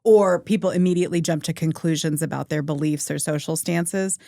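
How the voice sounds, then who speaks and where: A lower-pitched woman from Memphis, Tennessee, with a neutral American voice she trained for herself. She explains her point in a measured way, close and dry on the mic. She is a guest on a casual panel chat. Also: vocal fry, warm tone, no echo. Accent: none, neutral American. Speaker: panel guest, content creator.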